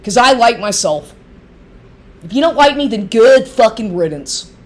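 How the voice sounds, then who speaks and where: A woman's voice: fairly high pitch, animated, measured pace. A middle-aged woman ranting angrily into the camera, profane, heated and sarcastic, mocking the man she addresses. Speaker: vlogger. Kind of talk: angry ranting monologue.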